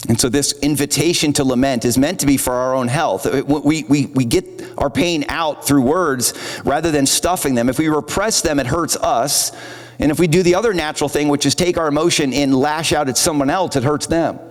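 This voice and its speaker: A man's voice: a little high, brisk, in a large hall. A man preaching a sermon as pastor in an earnest, conversational way, acting out little quotes as he goes. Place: church auditorium.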